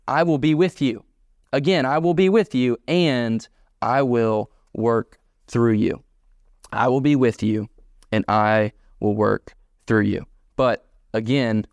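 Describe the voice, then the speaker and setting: Animated preaching pastor, dry sound. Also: male voice, medium pitch, no room sound. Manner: animated preaching, acting out quoted dialogue in emphatic bursts. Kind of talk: sermon.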